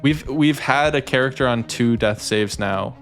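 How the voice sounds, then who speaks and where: A man's voice: medium pitch, normal speed, fairly bright tone, soft background music. A man running a tabletop game as dungeon master, wrapping up the session in casual chat and teasing his players with frequent laughter.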